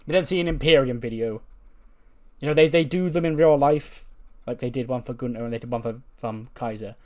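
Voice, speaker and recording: A man's voice: mid-range voice, fairly quick. A man giving wry, chatty commentary while playing a wrestling management game. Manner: chatty, wry, laughs often. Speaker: let's-play commentator.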